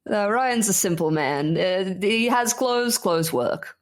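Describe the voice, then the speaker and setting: A woman's voice: mid-range voice, lively intonation, slow. A woman playing in a tabletop game, casual and plainspoken. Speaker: player.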